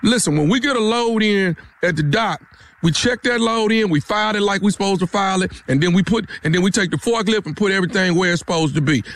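A man with a high-pitched voice places a prank phone call. He picks a fight in slangy street talk and keeps stammering and repeating his words. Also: fast, creaky, fairly bright tone. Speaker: prank caller.

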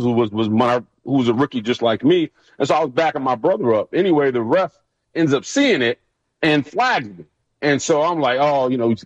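A former football player in his thirties tells stories with animation, acting out his coaches. His voice comes through a dull, muffled line with no room sound at all. He speaks at an ordinary pitch. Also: no echo. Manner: animated storyteller, acts out coaches' yelling. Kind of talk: casual storytelling on a radio show.

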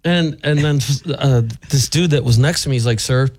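A man's voice: a little high, normal speed. A man hosting a radio morning show who tells a story in a casual way and acts out the people in it. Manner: animated, acts out the people in his stories.

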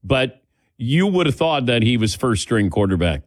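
Male radio host type, loose rambling chat, average pitch, dead-dry booth. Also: sing-song, normal speed, dry recording. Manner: rambling, self-correcting. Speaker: radio talk show host. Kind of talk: casual sports talk chat.

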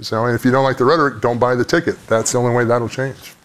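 Middle-aged man, panel guest, jokey banter, acts out quotes, mid pitch. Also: fairly even intonation, fast talker.

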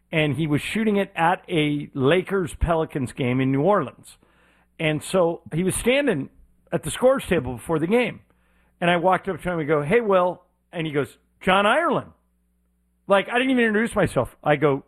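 A man co-hosting a sports radio show, telling a story in a relaxed, conversational way. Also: a little high, normal speed. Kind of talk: casual radio banter.

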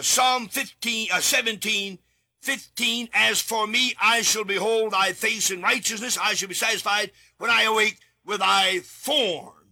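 A man preaching a sermon alone in a studio, reading scripture and repeating key words with sudden shouted emphasis. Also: high-pitched.

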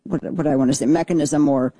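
A woman's voice: low-pitched, steady tone, quick pace, dark tone, breathy edge, no echo. A woman hosting a political talk show, giving brash, sarcastic commentary that rambles with restarts.

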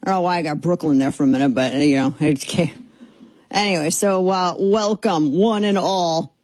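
A woman hosts a radio talk show in a studio, her voice husky and a little breathy. She rambles with fillers, sarcastic and exasperated as she riffs. The sound is dry and close, with no room around it. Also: fairly low pitch, normal speed, darkish tone, dry recording. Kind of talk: casual opinionated radio talk. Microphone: studio microphone.

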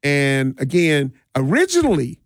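A middle-aged man who works as a DJ tells stories in a relaxed, rambling way during a casual interview, with frequent restarts and laughs. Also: fairly high pitch, measured pace, no room sound, studio quality. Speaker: DJ and community party organizer.

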